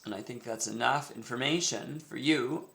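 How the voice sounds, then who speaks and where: A man from Canada walks through yoga breathing exercises, explaining each movement as he goes in a relaxed, upbeat way. At a moderate pace, his medium-pitched, fairly bright voice carries some vocal fry, and the mic sits far off in an echoey space.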